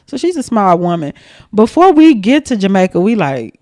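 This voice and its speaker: A young adult woman, a podcast guest, telling a story casually in an animated, profane way, laughing often. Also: mid-range voice, normal speed, no room sound, clean studio sound.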